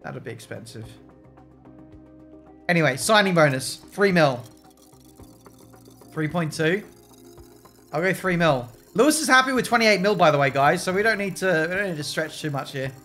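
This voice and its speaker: A man's voice: a little high, animated, normal speed, pauses often, fairly bright tone, faint music behind. A man streaming a racing management game, joking, swearing and talking to his chat. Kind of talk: casual gameplay commentary.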